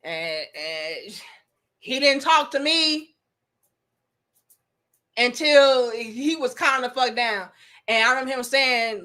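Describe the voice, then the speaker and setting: A woman in her thirties hosting an online show, telling a story to her live chat. She is candid and profane, and she swings between loud outbursts and low asides. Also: expressive, slow, long pauses.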